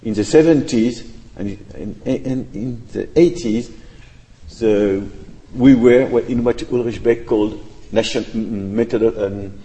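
Low-voiced man in a hall. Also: takes it slowly, warm tone. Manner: thoughtful, hesitant, with restarts and hedging. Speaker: speaker answering audience questions. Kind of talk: academic Q&A answer. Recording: echoey lecture hall.

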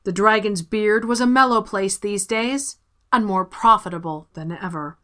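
Female narrator, measured soft-spoken storybook read. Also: mid-range voice.

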